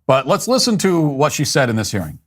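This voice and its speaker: A male political commentator delivers a blunt, dismissive, opinionated monologue, constantly restarting sentences and using fillers. His voice is on the high side, with wildly swooping pitch and a brisk pace.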